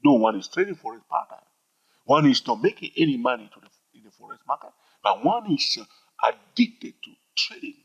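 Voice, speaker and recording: A husky man talks through a trading lesson with a lively, swinging pitch. He stresses points by repeating them and keeps asking "all right?". The recording sounds dull and lo-fi. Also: brisk. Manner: emphatic, repetitive, peppered with "all right?". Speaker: trading educator. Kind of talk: informal teaching monologue.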